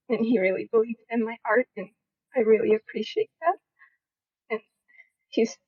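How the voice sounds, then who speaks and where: Husky, giggly, nervous woman. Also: on the high side, darkish tone, no echo, dull audio. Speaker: co-host. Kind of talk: casual voice-chat tribute.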